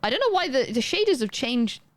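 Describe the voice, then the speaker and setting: A young woman chatting casually on a live gaming stream, rambling and self-deprecating with quick asides. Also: sits high, big pitch swings, no echo. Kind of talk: casual chat while gaming.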